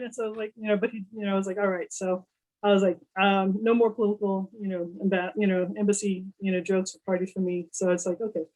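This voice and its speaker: A woman's voice: medium pitch, quick pace, low-quality recording. A woman who works in food, casually telling a story about her work, acting out the people she quotes and filling her talk with "you know.". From Texas. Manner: animated, acts out quoted dialogue, many "you know" fillers. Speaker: culinary professional, panel speaker.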